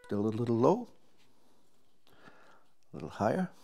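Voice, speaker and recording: A man's voice: mid-range voice, huge pitch swings, unhurried, vocal fry, music in the background. A man, a trumpet player, casually explaining and demonstrating his instrument, thinking aloud as he works and restarting his sentences.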